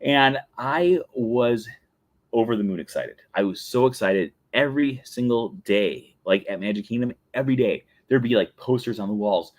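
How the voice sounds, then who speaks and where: A man's voice: medium pitch, moderate pace. A man in his thirties hosting a show, telling long casual anecdotes with frequent laughs and self-corrections. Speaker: podcast host. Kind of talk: casual chat.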